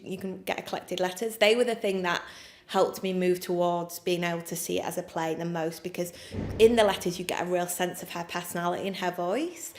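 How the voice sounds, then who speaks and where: English woman writer, candid interview, lowish voice, roomy echo. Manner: chatty, frank, with many fillers and laughs. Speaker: playwright. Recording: echoey room.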